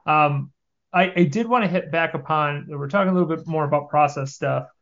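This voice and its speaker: A man's voice: on the high side, a little fast, creaky, a bit bright, highs cut off. A man co-hosting a podcast who chats easily and asks the guest questions. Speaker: podcast co-host. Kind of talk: casual interview chat.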